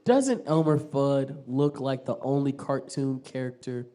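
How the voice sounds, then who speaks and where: A man's voice: mid-range voice, expressive, unhurried, warm tone. A man from Tulsa performing a stand-up comedy set in a small theater. He tells crude stories full of swearing and riffs with the crowd. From Tulsa, Oklahoma. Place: small theater stage before a live audience.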